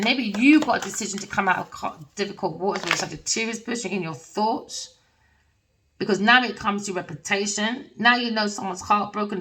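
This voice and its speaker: A woman's voice: mid-range voice, recorded from a distance, noisy background. A woman giving a casual tarot reading, rambling and emphatic with plenty of slang. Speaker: tarot reader.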